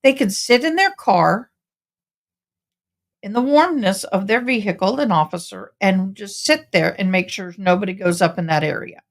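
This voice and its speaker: A woman's voice: medium pitch, moderate pace. Woman, tired, rambling casual chat, livestream host at home. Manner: chatty, rambling, talks to viewers as y'all. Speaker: livestream host commenting on a trial.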